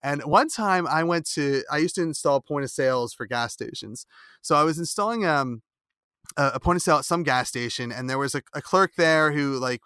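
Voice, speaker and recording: Chatty Philadelphia man hosting, bright dry sound. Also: medium pitch, clear, resonant tone, no echo. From Philadelphia area. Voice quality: nasal O vowel. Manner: rambling, many fillers and restarts, laughs while telling stories. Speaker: podcast host. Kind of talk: casual interview chat.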